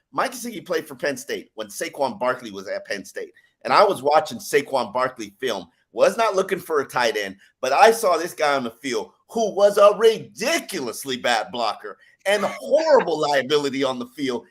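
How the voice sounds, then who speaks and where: On a sports podcast, a male columnist with a fairly high, slightly bright voice and big pitch swings delivers a heated rant at normal speed with hardly any pauses. He sounds exasperated, repeating words as his frustration builds.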